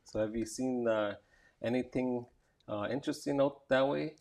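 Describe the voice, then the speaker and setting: A man hosting a live-streamed podcast interview from an indoor arts center, talking casually and haltingly with many fillers. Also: medium pitch, vocal fry, a little mellow.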